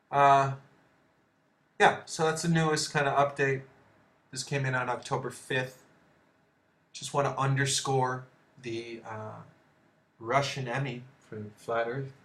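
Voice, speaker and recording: Blunt asides punctuate this video host's heated, profane takes on news articles on his own channel. He has a mid-range, slightly bright voice, and the room he records in is echoey.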